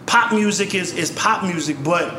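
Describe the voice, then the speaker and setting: A man from Virginia telling animated stories in casual chat, acting out other people's voices as he goes. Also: sits high, moderate pace, reverberant, a little hiss or hum. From Virginia, USA. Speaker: podcast guest songwriter telling stories.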